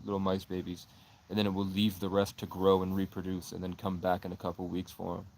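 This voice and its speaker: A man's voice: low voice, monotone, fairly quick, a little mellow. A man from Vermont, rambling on a live stream and jumping between wild claims. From Vermont, USA. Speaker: livestreamer.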